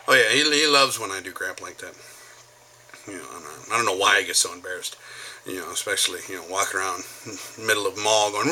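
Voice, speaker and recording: A man's voice: low-pitched, a little fast, slightly rough. A man talking casually to camera, telling stories and slipping into impressions. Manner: animated, jumps between impressions. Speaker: vlogger. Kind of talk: casual storytelling monologue.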